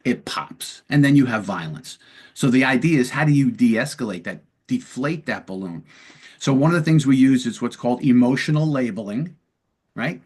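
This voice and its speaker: A man's voice: mid-range voice, animated, moderate pace, darkish tone, husky. Man, interview host, mid-range voice, conversational, explaining techniques, acts out examples. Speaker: podcast host and police lieutenant. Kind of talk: long-form interview, explaining de-escalation.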